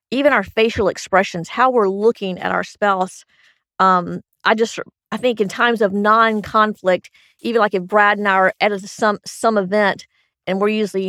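A middle-aged woman co-hosting with her husband, speaking gently and reflectively as she shares personal stories. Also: medium pitch, steady tone, normal speed, no echo, studio quality. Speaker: co-host, wife of the other host. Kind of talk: casual conversation about marriage.

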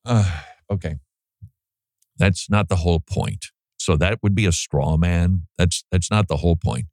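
A man hosting a talk show, giving casual commentary on theology in an animated way with sarcastic mock-quoting. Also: sits low, unhurried, dry recording, studio quality.

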